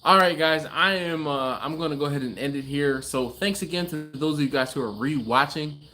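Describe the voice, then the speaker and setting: A man hosts a relaxed livestream from his garage, reading viewer comments aloud in a laid-back, chatty way, laughing often and trailing off. His voice is on the high side, fairly quick, pushed and bright, with faint music in the background.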